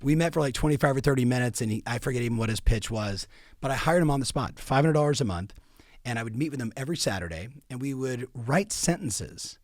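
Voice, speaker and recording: A middle-aged man coaching real estate agents in an emphatic, driving way, hammering his points home by repeating phrases. His voice sits at an ordinary pitch and is recorded close and dry, with no room sound around it. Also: lively intonation, quick pace, no echo. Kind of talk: coaching talk.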